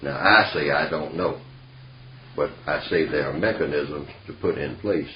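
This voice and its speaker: A man's voice: a bass voice, a little slow, a little hiss or hum. A man leading an informal group discussion, emphatic and folksy, often dropping in "see" and "you know". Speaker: discussion leader. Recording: echoey room, dull lo-fi sound.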